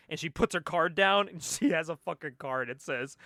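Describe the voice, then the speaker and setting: A man chatting on a comic book podcast, laughing often and acting out characters in quick voices. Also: fairly high pitch, expressive, sharp tone, no echo, clean studio sound. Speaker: podcast co-host.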